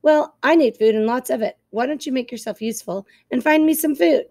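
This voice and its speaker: A woman voicing a sly, hungry male fox in a storybook, talking in a gruff, scheming way. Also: high-pitched, a little fast, darkish tone, no room sound, studio quality.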